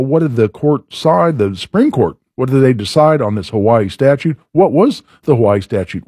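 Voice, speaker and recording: A man's voice: mid-range voice, warm tone, breathy edge, no echo, studio quality. A man hosting a radio talk show, explaining legal points in an emphatic, conversational way. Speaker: radio talk show host and trial lawyer.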